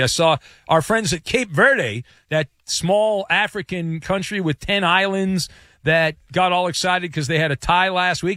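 Excitable high-voiced male sports host. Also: unhurried, no room sound, clean studio sound. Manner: excitable, breaks into shouted chants. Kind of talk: sports talk radio.

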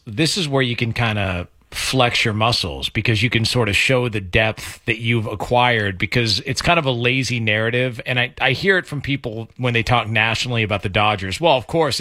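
A male sports radio co-host with a bright, forceful voice, recorded dry and close in a studio. He talks in long, rambling, conversational sentences. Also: mid-range voice, dry recording.

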